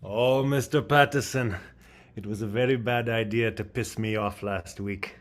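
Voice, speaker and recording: A man's voice: lowish voice, fairly even intonation, moderate pace, lightly acted. A man putting on a voice as a gloating, menacing terrorist villain in an improvised comedy bit, with theatrical sinister delivery and cackles.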